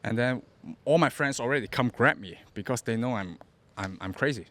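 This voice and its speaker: A man's voice: mid-range voice, brisk, fairly bright tone. A young man from Hong Kong with a Cantonese accent, a podcast guest telling his story in broken English, often repeating words as he goes. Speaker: interview guest. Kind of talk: casual storytelling.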